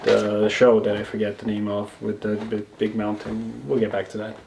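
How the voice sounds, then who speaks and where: A man's voice: on the low side, completely flat delivery, moderate pace, creaky, a little mellow, a little hiss or hum. A man from Brazil chatting casually as a guest, eager to recommend places. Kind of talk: casual chat.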